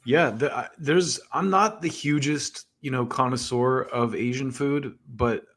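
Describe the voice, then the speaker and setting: A man's voice: mid-range voice, a little slow, fairly bright tone. A man hosting a live online music talk show, chatting casually in a laid-back, joking way that tends to ramble. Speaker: podcast host. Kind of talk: casual live-stream chat.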